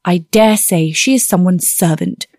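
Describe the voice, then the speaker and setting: A woman's voice: on the low side, measured pace, a little mellow, no echo, clean studio sound. A woman reading the part of a contemptuous, disapproving older aunt in an audiobook, disdainful and exasperated.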